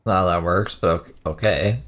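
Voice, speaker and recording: A man's voice: low voice, moderate pace, fairly bright tone, slight background noise. A man from Canada doing reaction commentary on a stream, with dry, sarcastic asides.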